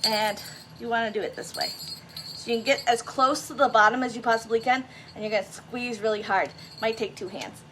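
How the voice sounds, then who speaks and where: A woman's voice: fairly high pitch, brisk, background noise. A woman chatting through a craft tutorial, self-deprecating and talking straight to her viewers. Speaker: craft vlogger.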